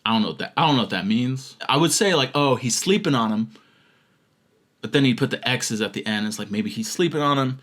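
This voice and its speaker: Sarcastic man, lively swooping pitch. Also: brisk. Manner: sarcastic, mocking, laughs while talking. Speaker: filmmaker vlogger. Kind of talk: comedic rant reading out comments.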